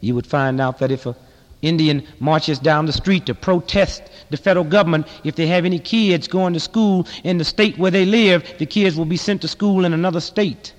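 A man delivering a fiery speech to a live audience, impassioned, rhythmic and sarcastic, swinging from loud to hushed. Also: on the high side, moderate pace. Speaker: political activist speaker. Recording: long reverb in a large hall.

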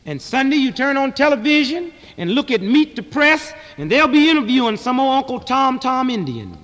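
A man delivering a fiery speech to a live audience, impassioned, rhythmic and sarcastic, swinging from loud to hushed. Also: very high-pitched, very animated, normal speed. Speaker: political activist speaker. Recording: long reverb in a large hall.

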